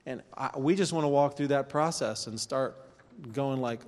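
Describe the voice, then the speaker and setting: A man's voice: medium pitch, darkish tone. Man teaching a class in a reverberant hall. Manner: conversational, pausing, quotes scripture aloud. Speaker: teacher of a church course. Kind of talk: informal teaching talk.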